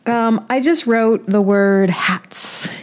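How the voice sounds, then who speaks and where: A woman co-hosting a casual podcast chat, relaxed and offhand, with lots of likes. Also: a little high, takes it slowly. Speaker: podcast co-host.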